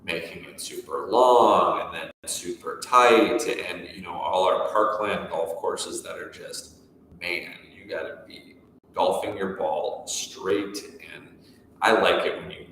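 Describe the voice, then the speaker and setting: Deep-voiced and a bit bright, this golf pro co-host talks at a measured pace, meandering through casual chat with lots of restarts. The show is recorded in an echoey room at a golf course with a distant mic and slight background noise.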